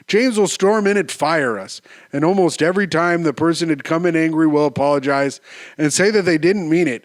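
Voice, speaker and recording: A man in his thirties hosts a solo podcast, reading listener posts and riffing on them with crude, animated asides. His pitch sits a touch high for a man and jumps into sing-song bursts, and his voice is getting a bit hoarse. The sound is dry and close, with no room around it. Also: dry recording. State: voice going hoarse. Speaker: podcast host.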